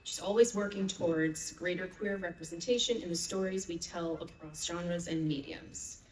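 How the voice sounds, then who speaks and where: A woman's voice: fairly low pitch, steady tone, moderate pace, slight background noise. A woman moderating a convention panel, reading guest introductions and asking questions. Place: large convention panel room. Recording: echoey hall, mic heard from a distance.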